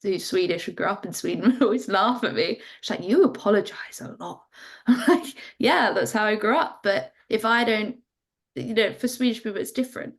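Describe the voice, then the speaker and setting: A woman's voice: mid-range voice, moderate pace, slightly rough. A woman from England with an English accent, talking thoughtfully on a podcast and acting out everyday examples. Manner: thoughtful, explains with acted-out examples. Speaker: podcast guest or co-host. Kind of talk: casual conversational podcast talk.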